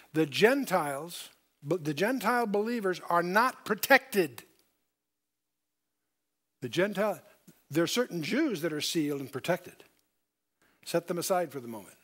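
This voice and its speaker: An older man giving a verse-by-verse Bible lesson, stressing key points and asking his listeners questions. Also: sits high. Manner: emphatic, repeats key points, asks the audience questions. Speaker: Bible teacher.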